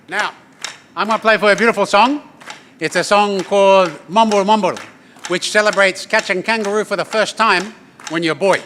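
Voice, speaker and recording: An Australian man tells humorous stories to a live audience in a bright, forceful voice that sits high for a man. He keeps it loose and chatty, tossing "yeah?" and "eh?" to the room. He moves between jokes and demonstration at an event. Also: slight background noise. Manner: joking, chatty, often ends with "yeah?" and "eh?". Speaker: artist giving a talk and didgeridoo demonstration. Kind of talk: humorous storytelling presentation. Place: corporate event space at a briefing.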